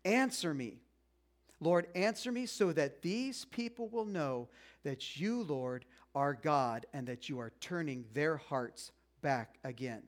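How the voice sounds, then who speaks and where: A man's voice: on the high side, expressive, takes it slowly, pitched below the performer's own voice. A man playing a bold, taunting prophet. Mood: earnest prayer. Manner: playful, challenging, casual modern phrasing. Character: bold ancient male prophet, confident and taunting.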